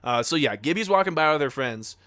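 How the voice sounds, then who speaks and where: A man's voice: a little high, lively intonation, fairly quick, a bit bright, no echo. A young man co-hosting a casual podcast, telling a story to friends in a rambling, profane way full of fillers and acted-out quotes. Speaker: podcast co-host.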